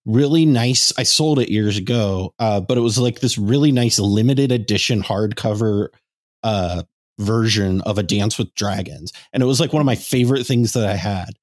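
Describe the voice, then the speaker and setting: A young man hosting a casual podcast, joking and swearing through quick asides. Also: on the low side. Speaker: podcast host. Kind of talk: casual chat.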